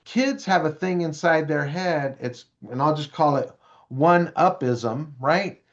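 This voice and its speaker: A man lectures parents, animated and full of stories and audience questions. His voice sits a bit high for a man. The recording sounds dull and lo-fi. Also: slow. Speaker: prevention speaker for parents. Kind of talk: parent education presentation.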